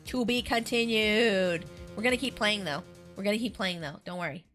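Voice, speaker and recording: A woman's voice: medium pitch, lively intonation, fast talker, fairly bright tone, soft background music. A woman streamer chatting playfully while playing through a game. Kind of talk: casual game-stream commentary.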